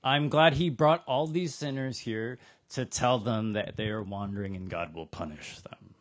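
A man's voice: medium pitch, moderate pace, pitched below the performer's own voice, lightly acted. A man putting on the voice of smug, self-righteous religious leaders who gloat over a sinner's downfall. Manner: gloating, mock-pleased.

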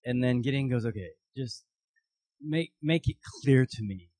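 A man preaching a sermon, telling a story with lively, animated voices for its characters. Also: medium pitch, moderate pace, dry recording. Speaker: pastor.

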